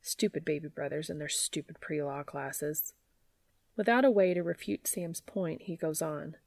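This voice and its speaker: A woman narrates fan fiction for her podcast in a steady reading manner. Her voice sits low with a gravelly fry. The recording is close and dry. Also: moderate pace, dry recording.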